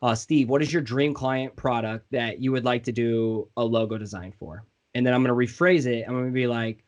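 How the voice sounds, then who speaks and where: A man's voice: mid-range voice, steady tone, fairly quick, few pauses. A man with a Midwestern American accent hosting a casual interview podcast, laid-back and slangy, joking with his guests. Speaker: podcast host.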